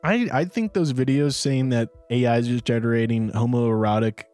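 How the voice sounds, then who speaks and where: Young podcast co-host, lively slangy storyteller, light music bed. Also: male voice, medium pitch, normal speed. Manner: animated, slangy storyteller who acts out quotes. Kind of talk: casual storytelling chat.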